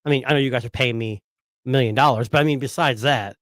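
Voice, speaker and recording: A man's voice: medium pitch, fast talker, a bit bright, no room sound. Rambling man with a dry sound. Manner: rambling, filler-heavy storytelling. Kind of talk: casual tech chat.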